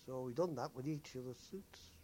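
An older man recalls his days at sea for an oral history. His voice sits at an ordinary middle pitch. He tells his anecdotes in an unhurried, easygoing way. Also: mellow, a little hiss or hum. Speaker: former merchant seaman.

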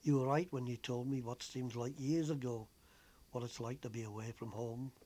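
A man's voice: medium pitch, fairly even intonation, moderate pace, dark tone, close to an everyday voice. A man reading a homesick young woman nurse.

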